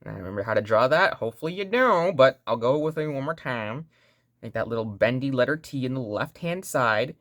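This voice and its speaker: A woman's voice: extremely low pitch, expressive, brisk, dry recording, studio quality. A woman teaching a language lesson online in a playful, joking way, repeating sounds for learners to say back.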